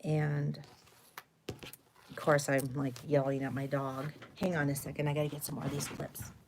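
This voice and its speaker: Her voice sits low, with a level tone and normal speed, against a noisy background. She's a middle-aged craft stream host casually telling a long, rambling story during her live stream, correcting herself and using fillers along the way.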